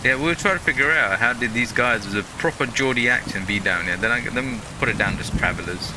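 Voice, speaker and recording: A man's voice: medium pitch, a little fast, noisy background. A man hosting a gaming channel, chatting casually through gameplay in a rambling way full of fillers.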